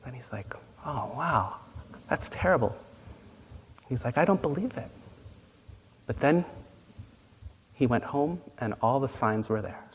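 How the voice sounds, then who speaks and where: A man's voice: mid-range voice, animated, unhurried, long pauses, big-room sound, a little hiss or hum. A man giving a dharma talk as a Buddhist teacher, playful and laughing at his own jokes.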